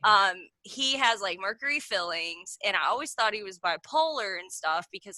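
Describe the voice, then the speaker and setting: Woman in her 30s rambling on a zoom call, super bright voice, dry sound, says like a lot. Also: mid-range voice, animated, normal speed, no room sound. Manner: rambling, packed with "like" fillers. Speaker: meeting participant sharing a story. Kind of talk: casual chat on a video call. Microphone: video call mic.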